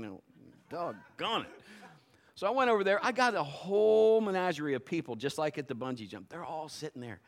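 A middle-aged man preaching a sermon, telling folksy personal stories and swinging from quiet asides to loud, emphatic points. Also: sits high. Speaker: pastor.

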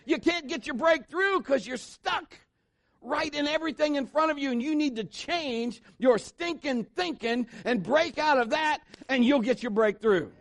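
A man's voice: very high-pitched, normal speed, no room sound. A man preaching a sermon in church, mixing jokes and acted-out quotes into his message. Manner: joking asides, voices quotes. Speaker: pastor.

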